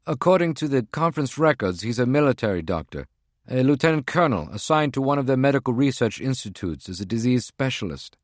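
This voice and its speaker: A man's voice: medium pitch, very animated, fairly quick, dry recording, clean studio sound, pitched above the performer's own voice, close to an everyday voice. A man voicing a male henchman who reports by secure phone in an urgent, clipped, strained way. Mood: tense.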